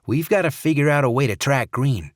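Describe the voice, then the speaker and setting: A man with a medium-pitched, natural voice speaks briskly with lively intonation, pitching himself above his own normal register to play a blunt male agent colleague. The mood is urgent, and the clean studio recording has no room sound.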